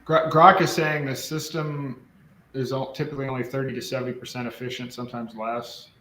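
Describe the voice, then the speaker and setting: A man's voice: mid-range voice, level tone, brisk, sharp tone. Man, casual host chat, offhand tone, reverberant room. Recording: echoey room with faint noise.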